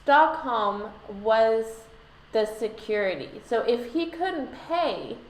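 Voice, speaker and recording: A woman's voice: fairly high pitch, expressive, slow, a little hiss or hum. A woman vlogger telling a history story in a casual, irreverent way, with lots of "like" and swearing. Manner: irreverent, sarcastic, filler-heavy, swearing. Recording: echoey room.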